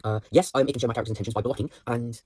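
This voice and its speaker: A man's voice: mid-range voice, fairly even intonation, very fast, darkish tone, breathy edge, dry recording. A young man, a drama student, rambling through a reflective voice note on his acting practice, with many fillers and restarts. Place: indoors at home.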